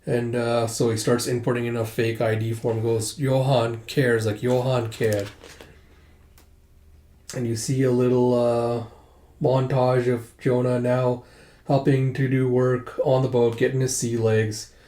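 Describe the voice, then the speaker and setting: A man's voice: mid-range voice, level tone, a little slow, warm tone. A man casually narrating a comic readthrough, chatty and full of asides. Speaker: comic reader. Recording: roomy echo.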